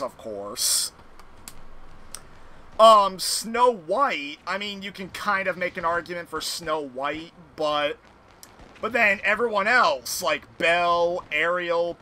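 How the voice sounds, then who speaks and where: Bright, animated man ranting casually. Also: high voice. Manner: animated, rambling rant with swearing. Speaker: podcast host playing a video game. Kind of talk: casual gaming chat.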